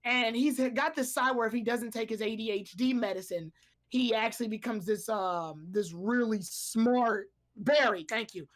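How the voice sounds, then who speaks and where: A woman co-hosting a podcast in easygoing chat, her voice sitting a touch high. She rambles, leans on filler words and restarts her sentences as she goes. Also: normal speed. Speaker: podcast co-host. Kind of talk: casual chat.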